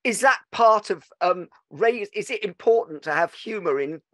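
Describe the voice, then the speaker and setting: A man's voice: high-pitched, lively intonation, normal speed, fairly bright tone, no room sound, clean studio sound. A man hosting a podcast, chatting casually and telling anecdotes with frequent restarts. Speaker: podcast host. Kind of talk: casual interview chat.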